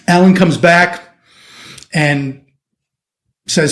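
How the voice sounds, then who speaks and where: A middle-aged surgeon from the United States telling a lively anecdote in an interview, acting out the people he quotes. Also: on the high side, slow pace, pauses often. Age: 50s. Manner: animated anecdotal storytelling, acting out quoted voices. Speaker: orthopedic surgeon guest. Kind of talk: storytelling interview.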